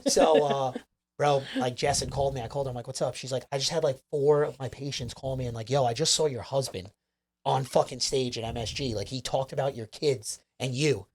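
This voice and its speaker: A man's voice: mid-range voice, steady tone, brisk, darkish tone. A man, a comedian guest, telling a rambling, profane story in casual chat. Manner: profane, rambling, lots of fillers.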